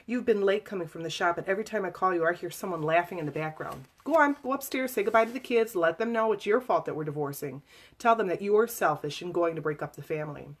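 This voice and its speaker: A man's voice: sits high, fast. Woman reading as a volatile abusive husband. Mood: furious. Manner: switches from pleading to bellowing threats. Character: volatile abusive husband, pleading then raging.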